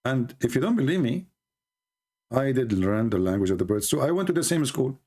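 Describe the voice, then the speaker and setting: Sarcastic man with a lively pitch. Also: slight background noise. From Middle East. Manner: sarcastic, teasing, drawn-out exclamations. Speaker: live stream host. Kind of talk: mocking live-stream monologue.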